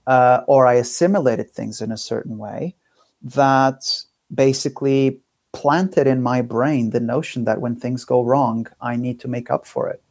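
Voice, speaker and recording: A man speaks as a guest on an interview podcast, his mid-pitched voice carrying a steady gravelly fry. He reflects thoughtfully and candidly, often breaking off and restarting his phrases. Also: measured pace, dry recording.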